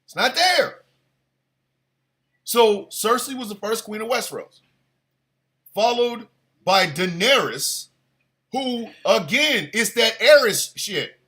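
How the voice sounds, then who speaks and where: A man delivers a crude, playful comedic rant in a high, bright voice. He takes his time with the words, then breaks into exaggerated shouted bursts. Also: expressive, takes it slowly, long pauses. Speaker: show host.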